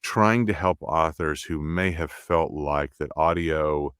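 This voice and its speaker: Middle-aged Southern-raised narrator guest, booming low voice, halting and restarting, dry close sound. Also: male voice, a bit bright, clean tone, no room sound. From American South. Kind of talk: casual interview chat.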